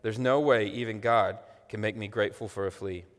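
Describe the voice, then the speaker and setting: A man's voice: fairly low pitch, steady tone, a little fast, pitched below the performer's own voice, lightly acted. A man reading aloud the lines of a frightened, reluctant young woman prisoner, doubtful and wailing. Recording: long echoey hall reverb.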